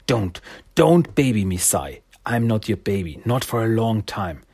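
Bitter young female brawler, put on by a man, curt and cold, husky-edged delivery. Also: on the low side, expressive, unhurried, a little mellow, full character voice. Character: bitter young woman, tough former gang fighter.

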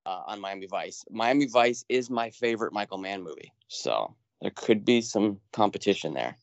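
A man speaking as a podcast guest in casual chat, hesitant and measured. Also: fairly low pitch, lively intonation, gravelly, no room sound.

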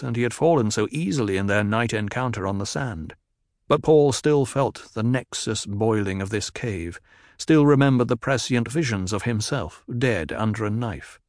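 A man narrating an audiobook in a steady, even reading. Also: on the low side, dry recording, clean studio sound.

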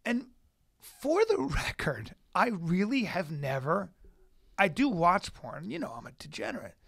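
A man's voice: high-pitched, wildly swooping pitch, a little slow, creaky, fairly bright tone. A man telling crude funny stories in a casual chat, often laughing through them. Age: adult. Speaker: podcast co-host.

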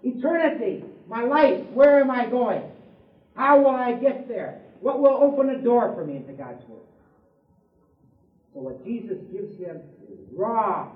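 A man preaching a sermon, emphatic, asking rhetorical questions and swinging between loud and hushed delivery. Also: very high voice, expressive, unhurried. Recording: distant, roomy, dull lo-fi recording.

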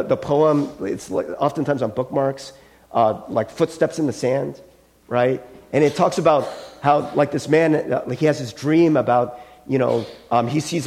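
A man preaching from the pulpit with a fairly high voice. He tells stories in a relaxed, conversational way, stumbling over words and padding with fillers, and goes quieter when he voices the people in his stories. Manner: casual storytelling with many fillers and restarts. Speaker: pastor. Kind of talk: sermon.

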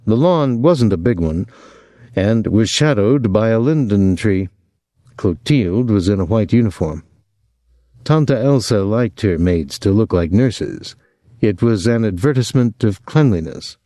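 Low, mellow male audiobook narrator. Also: lively intonation, unhurried, dry recording, clean studio sound. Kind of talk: scripted narration.

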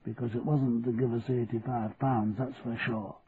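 Gruff old Yorkshire man, read by a male narrator. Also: mid-range voice, level tone, natural voice. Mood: wary. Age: older. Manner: gruff, slow and wary. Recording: tinny lo-fi radio recording, faint hiss.

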